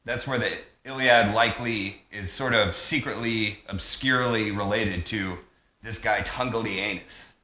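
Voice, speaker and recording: A man's voice: on the low side, measured pace, sharp tone, slight background noise. Rambling man vlogging in an echoey room. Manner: tangent-heavy, full of fillers and restarts. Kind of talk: rambling monologue vlog.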